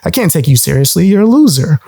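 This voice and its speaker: A man's voice: a little high, big pitch swings, fast talker, vocal fry, dark tone, breathy edge. A man hosting a livestream, taunting and mocking a caller in a heated argument. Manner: mocking, taunting, repeats jeers. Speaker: livestream host.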